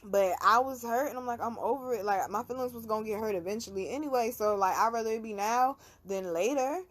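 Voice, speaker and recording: Animated young woman telling a wild story. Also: on the high side, fairly quick. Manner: animated, profane, slangy storytelling with screamed reenactments. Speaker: podcast host. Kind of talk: casual storytelling.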